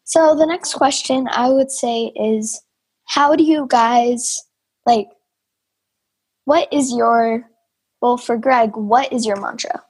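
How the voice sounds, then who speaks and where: Woman asking soft encouraging questions, bit husky, higher voice. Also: slow, pauses often. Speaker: interviewer. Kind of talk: casual interview.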